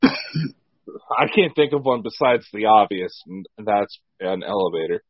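A young American man in his twenties with a lowish voice drops quick, crude jokes into the conversation. The recording is muffled and lo-fi, with a dry sound. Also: animated, breathy edge, dry recording. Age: 20s. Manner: quick joking asides, crude humor. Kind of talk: casual chat. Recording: dull lo-fi sound.

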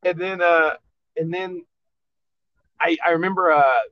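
A man's voice: on the high side, fairly even intonation, a little slow, dry recording. A man, a podcast guest, telling a rambling, profane story in casual chat. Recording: dull lo-fi dry sound.

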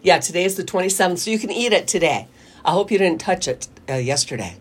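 A woman's voice: lowish voice, expressive, fast, a little hiss or hum. A woman co-hosting a radio talk show, chatting casually, teasing and laughing often. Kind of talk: casual on-air banter.

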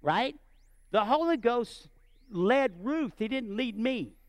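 A man preaching and telling a personal story, animated and often checking in with his listeners. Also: very high-pitched, takes it slowly, no echo. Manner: animated, asks the audience often. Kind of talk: sermon storytelling.

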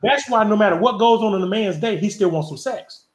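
A man in his forties talks fast and emphatically, with a fairly high voice for a man. He leads a casual group conversation in a preachy way and acts out little dialogues to make his point. The room sounds echoey. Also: a crowd in the background. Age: 40s. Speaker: podcast host.

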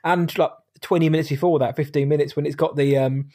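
A man co-hosts a film podcast in relaxed, casual chat. He rambles along in a jokey way, restarting and correcting himself as he hunts for the right word. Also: on the high side, fast talker. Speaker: podcast co-host.

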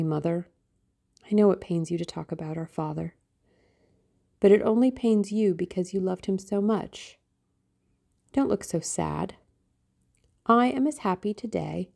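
A woman's voice: medium pitch, creaky, dark tone. A woman reading an audiobook voices a young girl in love, eager and pleading. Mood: pleading joy. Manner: breathless, pleading.

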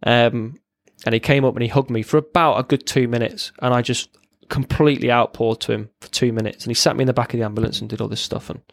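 Gravelly man telling his story. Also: medium pitch, fairly even intonation, no room sound. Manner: halting, plain-spoken, frequent restarts. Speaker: podcast guest, former serviceman. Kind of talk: candid personal storytelling.

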